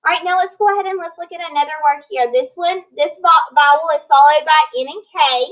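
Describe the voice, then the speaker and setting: A woman teacher giving a recorded phonics lesson, slowly sounding out words and prompting her students. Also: sits high, fairly bright tone, poor audio. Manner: slow, clear modeling of word sounds with praise and prompts.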